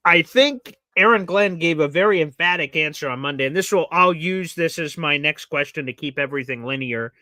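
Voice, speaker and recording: Bright-voiced animated sports talker, man. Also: on the high side, fairly quick, hardly any pauses, no room sound. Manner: animated, acts out quotes in a raised voice. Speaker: podcast co-host. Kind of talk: casual sports talk.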